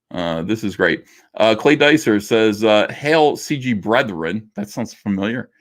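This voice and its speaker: A middle-aged man with a fairly low voice chats on a livestream, answering viewers in a loose, joking, self-deprecating way. His talk is full of fillers and restarts, and he drifts between asides. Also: expressive, a little slow. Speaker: livestream host reading super chats. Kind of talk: casual livestream chat.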